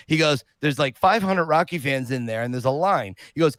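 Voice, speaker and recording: A man on a podcast telling an animated personal story, acting out the people he quotes. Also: a little high, fairly quick, few pauses, dry recording. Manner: lively anecdote teller who acts out quotes. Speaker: podcast guest.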